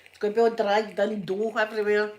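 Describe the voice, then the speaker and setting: Chatty Glaswegian woman, soft spoken. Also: medium pitch. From Scotland. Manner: chatty storytelling with frequent laughs and soft asides. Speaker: ASMR livestream host. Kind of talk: casual chat.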